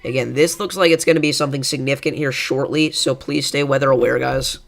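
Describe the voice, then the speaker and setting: Gravelly-voiced man calmly covering live storms. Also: mid-range voice, fast. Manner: calm, reassuring, thinking aloud with fillers. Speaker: weather livestream host. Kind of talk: live severe weather commentary.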